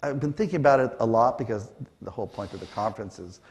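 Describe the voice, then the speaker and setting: This middle-aged man from Canada has a medium-pitched voice and talks quickly. He's a panel guest spinning stories on a conference stage in a lively way, full of fillers and quotes he performs.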